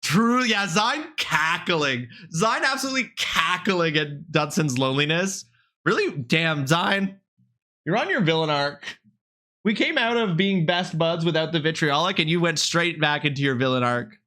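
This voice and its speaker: Bright, animated male streamer. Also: on the high side, normal speed. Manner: animated, mock-indignant, swears freely, talks straight to chat. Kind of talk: casual live-stream chat with viewers.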